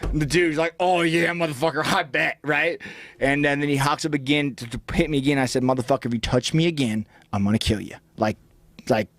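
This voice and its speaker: A man telling a story as an interview guest, in a brash, energetic way and with plenty of swearing. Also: fairly high pitch, a little fast. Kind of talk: casual storytelling.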